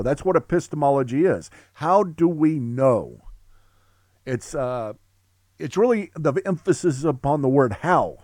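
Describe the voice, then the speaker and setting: A middle-aged man teaching a theology class, talking with excitement in long run-on sentences full of restarts. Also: fairly high pitch, unhurried, dry recording, clean studio sound. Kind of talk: classroom lecture.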